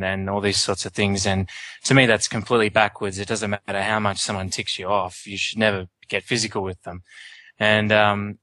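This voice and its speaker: A man in his twenties talking casually on a panel, animated and full of restarts. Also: fairly low pitch, dry recording. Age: 20s. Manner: animated, many restarts and self-interruptions.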